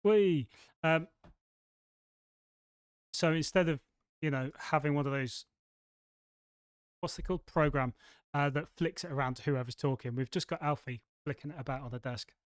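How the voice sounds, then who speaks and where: Rambling, lively English podcast host. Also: male voice, a little high, moderate pace, pauses often, clean tone, no room sound. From England. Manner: rambling, animated storytelling. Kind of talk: casual chat. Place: studio.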